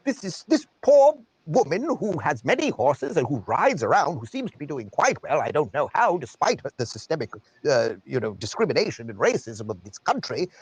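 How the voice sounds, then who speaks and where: A man's voice: fairly high pitch, sing-song, normal speed, hardly any pauses, slightly rough, no room sound, exaggerated voice. A man voicing a pompous upper-class liberal in a put-on British aristocratic accent, with an affected, drawling, sing-song delivery.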